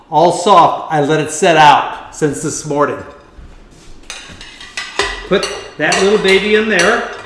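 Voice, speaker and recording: A man's voice: a little high, echoey room, background noise. A man hosting a home cooking video, chatting playfully and teasing his cameraman as he mixes. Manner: playful, camp, talks to the cameraman and to the food.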